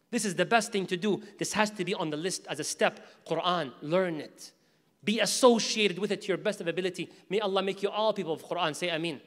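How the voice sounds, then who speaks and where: High-voiced man lecturing in a reverberant hall. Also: a little fast. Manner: animated, casual slang, addresses audience directly. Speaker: Islamic lecturer. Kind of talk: storytelling religious lecture.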